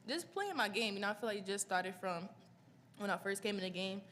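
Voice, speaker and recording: A woman's voice: mid-range voice, lively intonation, brisk, a bit bright. A young woman athlete speaks easily at a press conference, circling back to the same phrases. The room adds a long reverb and faint noise. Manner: easygoing, repeats phrases. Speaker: basketball player. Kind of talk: postgame press conference answers.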